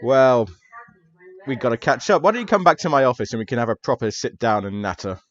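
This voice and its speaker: A man's voice: mid-range voice, very animated, quick pace, no room sound, close to an everyday voice. A man playing a sociable, chatty male professor who is fond of a drink, over slightly dull audio. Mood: friendly. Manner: chatty and hospitable, trailing off and restarting.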